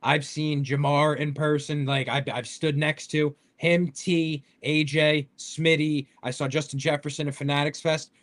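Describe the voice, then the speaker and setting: A man's voice: fairly high pitch, flat delivery, a little slow, hardly any pauses, a bit bright. A man in casual sports podcast chat, telling enthusiastic stories full of fillers and restarts.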